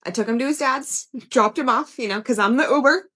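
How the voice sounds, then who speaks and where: A woman's voice: high-pitched, brisk, fairly bright tone. A young woman telling a dating story in a blunt, exasperated way, swearing freely. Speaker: storyteller in a played clip. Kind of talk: casual storytime.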